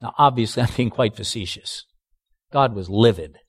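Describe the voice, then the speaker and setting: A man's voice: lowish voice, normal speed, long reverb tail. A male pastor preaching a sermon emphatically, with sarcastic asides.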